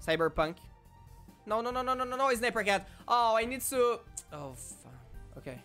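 Guy narrating his game, mumbles then gets loud and hyped, faint music under it. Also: very high-pitched, moderate pace. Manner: excitable, swings from muttering to shouting. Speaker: gaming YouTuber. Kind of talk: casual gameplay commentary.

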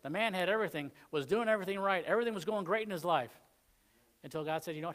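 High-voiced Southern preacher. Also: male voice, quick pace, a bit bright. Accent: Southern American. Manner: conversational preaching, acts out quoted lines. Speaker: pastor. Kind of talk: sermon.

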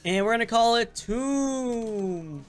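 A woman hosts a casual game playthrough in a high, bright register. She reacts loudly and dramatically to everything on screen, swinging between excited yelps and theatrical groans. Soft music plays faintly underneath. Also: slow. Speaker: gaming channel host. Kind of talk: casual let's-play commentary.

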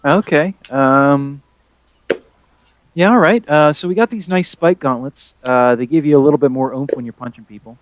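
A man's voice: on the high side, moderate pace, close to an everyday voice. A man voicing a friendly male weapon shop clerk who keeps trying to sell more, with lots of hesitant fillers. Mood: salesy.

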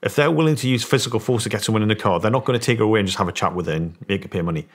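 His fairly low voice racing along, a middle-aged English veteran tells a story in a podcast interview. He speaks British English and brings the tale to life by acting out the voices of the people in it.

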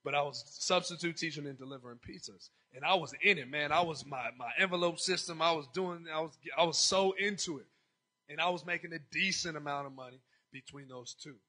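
A male pastor preaching a storytelling sermon, animated and acting out conversations, breaking into shouts. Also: fairly high pitch, fairly quick, poor audio.

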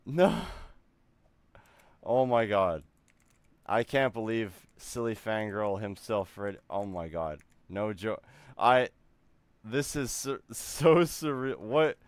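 A man streaming live, reacting in excited disbelief with lots of repeated exclamations. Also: lowish voice, takes it slowly, long pauses, clear, resonant tone, no room sound. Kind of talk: casual live-stream chat.

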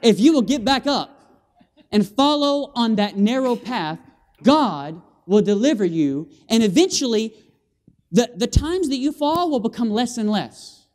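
High-voiced, animated male preacher. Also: unhurried. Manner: animated, with call-and-response and vocal sound effects. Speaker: guest preacher. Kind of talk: lively evangelistic sermon. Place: church sanctuary.

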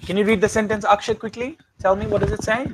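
A man teaching a classroom grammar lesson, often stopping to ask the students whether it is clear. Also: high-pitched, fairly even intonation, fast talker, noisy background. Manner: keeps checking understanding with questions.

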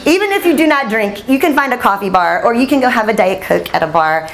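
A woman journalist telling stories at a storytelling summit, lively and laughing, acting out the voices she quotes. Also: a little high, fast. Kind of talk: animated storytelling talk. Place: conference hall.

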